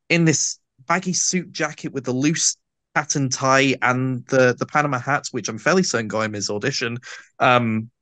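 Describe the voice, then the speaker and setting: Appearing as an interview guest, an audio drama actor with a lisp gives long, detailed explanations in a casual chat. His voice is medium-pitched and a bit bright, captured in a dry recording.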